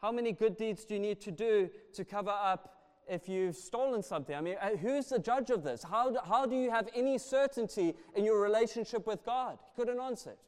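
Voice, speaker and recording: A man preaching a sermon, passionate and swinging between soft and loud delivery. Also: high voice, a little fast, clear, resonant tone. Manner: passionate, rising and falling in volume. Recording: long reverb of a large hall.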